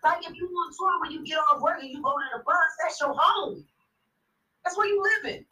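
High-voiced, blunt, profane woman storyteller. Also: a little fast, far from the mic, rough recording. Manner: blunt, animated, swears constantly. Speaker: podcast guest.

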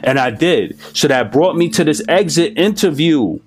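A man's voice: a little high, lively intonation, normal speed, soft background music. A man giving a personal recovery testimony, emphatic and repetitive, in a streetwise storytelling manner. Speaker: recovery speaker.

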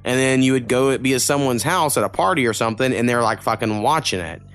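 A man's voice: medium pitch, fast, a bit bright, smooth. Young adult man, loose rambling co-host, heavy swearing, faint music bed. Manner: rambling, swears a lot, many fillers. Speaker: podcast co-host. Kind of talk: casual chat.

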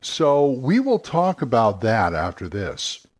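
An older man, a game master and former radio worker, talking casually and rambling, often acting out quick voices. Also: mid-range voice, huge pitch swings.

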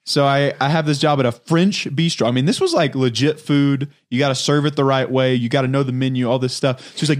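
A man's voice: mid-range voice, fast, hardly any pauses. Laughing man telling a story. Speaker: podcast co-host. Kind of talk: casual chat.

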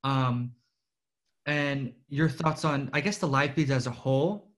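A man's voice: medium pitch, measured pace, fairly bright tone. Hesitant male interviewer. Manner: hesitant, many ums. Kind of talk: casual interview questions.

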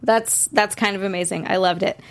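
A woman's voice: medium pitch, steady tone, a little fast. A young woman hosting a casual chat about TV episodes, bubbly and laughing often. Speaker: host.

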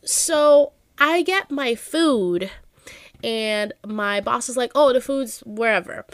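A woman's voice: fairly high pitch, slow, smooth, dry recording, clean studio sound. A woman co-hosting a podcast, telling stories in casual chat, with lots of "like" and frequent swearing. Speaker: podcast co-host.

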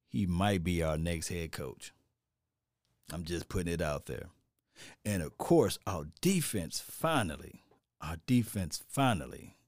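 With a deep voice, a middle-aged host rambles animatedly through opinionated, casual sports commentary. He repeats himself and slips in preachy asides. The sound is studio quality, with no room echo.

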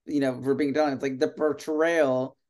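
A man's voice: mid-range voice, flat delivery, brisk, darkish tone. A man, an actor guesting on a podcast, talking in a sardonic, rambling way with many fillers and swears. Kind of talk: casual podcast chat.

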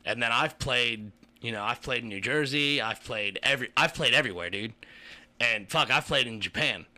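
A man with a very bright, forceful voice tells a story in a loose, rambling way and swears constantly. He is a podcast co-host from the Kentucky tri-state area, talking casually with friends. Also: mid-range voice, moderate pace. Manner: profane, rambling, animated storyteller.

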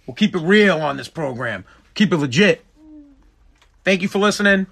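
Fired-up, bright-voiced male podcast host. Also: on the high side, expressive, normal speed, gravelly. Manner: fired-up, emphatic ranting with repetition. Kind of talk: casual podcast rant.

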